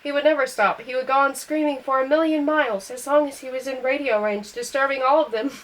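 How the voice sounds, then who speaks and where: A woman reading a science fiction short story aloud, in a steady, unhurried storytelling manner that voices the characters' dialogue only lightly. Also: sits high, rough recording. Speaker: reader.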